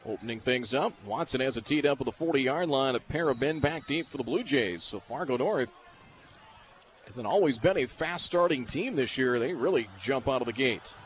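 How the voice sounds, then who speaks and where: A man calling a football game as play-by-play announcer on radio, rattling off yard lines quickly and shouting on big plays. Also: medium pitch. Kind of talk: radio sports commentary. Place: stadium broadcast booth. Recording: radio broadcast with steady noise.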